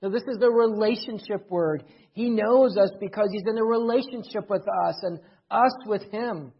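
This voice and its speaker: A man's voice: high-pitched, moderate pace, breathy edge, muffled recording. A man preaching a sermon as pastor, emphatic and repeating key phrases for stress.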